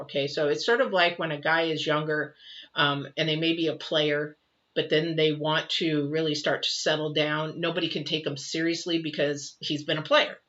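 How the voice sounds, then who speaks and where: A woman's voice: deep voice, a bit bright, lo-fi sound. A woman giving a live tarot reading, talking in a rambling, conversational way to viewers she addresses directly. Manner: rambling, conversational, acts out quoted people. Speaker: tarot reader.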